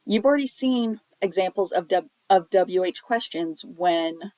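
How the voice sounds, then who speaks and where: A woman teaching a sign language lesson, explaining step by step in a patient, plain way, often pausing on um. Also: lowish voice, dark tone, no room sound, poor audio. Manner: patient, explanatory, with frequent um fillers. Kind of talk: recorded classroom lesson.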